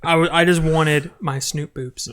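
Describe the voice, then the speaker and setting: A man's voice: a little high, measured pace. A man hosting a casual gaming podcast, telling stories with lots of swearing and laughter. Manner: animated storyteller, swears, laughs often. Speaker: podcast host.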